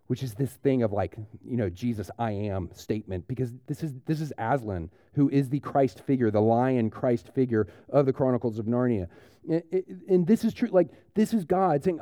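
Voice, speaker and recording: A man, preaching a conversational sermon and retelling a story with lively restarts. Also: medium pitch, normal speed, dry recording, clean studio sound. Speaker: pastor.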